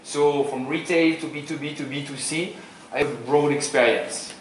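A man's voice: fairly high pitch, steady tone, normal speed, slight background noise. Man, French accent, forties, seminar speaker, joking tone, very reverberant room, distant mic. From France. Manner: informal, joking, quizzes the audience. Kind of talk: conference presentation. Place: hotel conference room. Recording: very echoey room, voice from afar.

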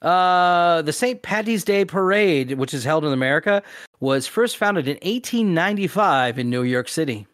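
A man's voice: on the high side, animated, normal speed, a bit bright, no room sound, studio quality. A man co-hosting a podcast in casual chat, reading out fun facts and laughing often. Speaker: podcast co-host.

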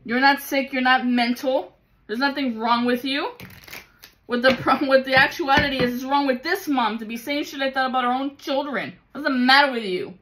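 A woman gives viewers a casual tarot reading, blunt and emphatic, swearing often and calling the listener baby. Her voice sits high at a normal speed, with background noise behind her.

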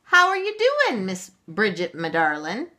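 A mischievous wee Irish leprechaun, put on by a woman reading aloud. He teases and mocks in a bright, lilting voice that leaps up and down. It is a storybook reading with an unhurried pace. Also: mid-range voice, wildly swooping pitch, voice pushed up, exaggerated voice. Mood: sly. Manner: teasing, mocking. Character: cheeky little male leprechaun trickster.

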